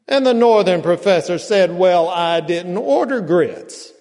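A man's voice: sits high, a little mellow. A man preaching in a slightly raised voice, taking his time over every phrase. His words ring out with a long reverb, as in a large church sanctuary. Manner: slow, drawn-out storytelling with emphatic pauses. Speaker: pastor. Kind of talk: sermon.

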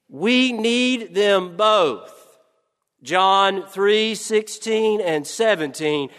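A male preacher tells a story in a slow, deliberate, reflective sermon. His voice sits slightly high and each phrase trails off in a long reverb. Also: a bit bright.

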